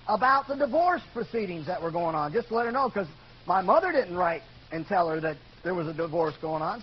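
Older man preaching his life story. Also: high-pitched. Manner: earnest storytelling, rises to shouting when quoting. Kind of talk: sermon testimony. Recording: dull lo-fi recording with faint noise.

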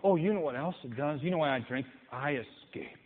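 Preacher, male, high voice, fervent sermon delivery, hall reverb, tinny sound. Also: fairly quick. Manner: impassioned, mimics people in quoted voices.

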